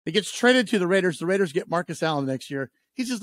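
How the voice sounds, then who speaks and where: High-voiced, animated sports radio host. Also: male voice, fast talker, no echo. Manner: animated storyteller, does voices. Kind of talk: casual sports talk. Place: radio studio. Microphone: studio microphone.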